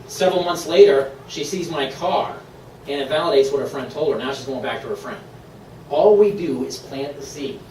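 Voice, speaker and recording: Man, upbeat sales pitch, somewhat high voice, echoey room, mic far away. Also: slight background noise. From Maine, USA. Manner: upbeat, persuasive, laughs often. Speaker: presenter at a sales meeting. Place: meeting room.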